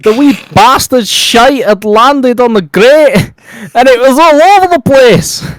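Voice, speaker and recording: A man putting on a shaky Scottish accent to voice an irate Scottish man in his thirties, loud and emphatic. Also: extremely high pitch, expressive, unhurried, no echo, pitched above the performer's own voice. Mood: indignant. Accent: shaky put-on Scottish.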